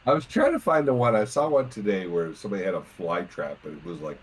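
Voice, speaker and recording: Joking low-voiced man from Vancouver. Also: big pitch swings, fast talker, breathy edge. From Vancouver, Canada. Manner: joking, laughs easily. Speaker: guest on a stream. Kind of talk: casual chat.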